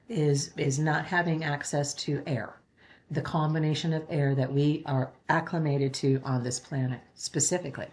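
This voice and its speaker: A woman giving a spiritual reading, talking in an earnest, gentle way that rambles and restarts as she explains. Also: low-pitched. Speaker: spiritual reader. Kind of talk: spiritual guidance talk.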